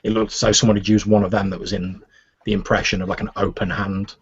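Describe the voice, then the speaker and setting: A man's voice: fairly low pitch, little pitch movement, quick pace, husky, dull audio. A man narrating a tabletop game as game master, describing scenes with frequent restarts.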